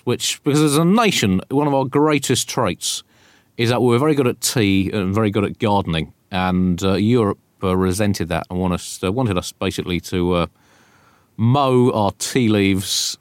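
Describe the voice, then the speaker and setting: A man's voice: on the low side, dry recording. Sardonic man in dry studio. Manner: sardonic, mock-serious, laughing at his own jokes. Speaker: co-host. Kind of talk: satirical comedy chat.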